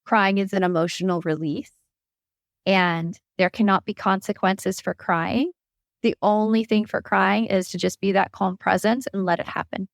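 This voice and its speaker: A woman's voice: medium pitch, fairly even intonation, normal speed, vocal fry, dry recording. A woman co-hosting a casual parenting podcast, telling stories and acting out what parents say, on a close mic. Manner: storytelling, acts out quoted parents. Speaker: podcast co-host.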